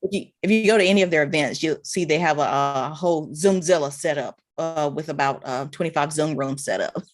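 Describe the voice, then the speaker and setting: A woman hosts an interview over a video call, pausing with lots of ums and uhs as she gathers her thoughts. Her voice sits a bit low. The sound is dry, with little room around it. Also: no echo. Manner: hesitant, many ums and uhs, says wow often. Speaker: interview host. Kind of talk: casual interview chat.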